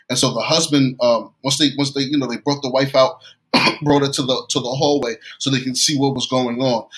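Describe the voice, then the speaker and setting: A man's voice: medium pitch, pushed and bright, rough recording. A man from New York preaching a sermon, telling a story and often repeating and restarting his phrases.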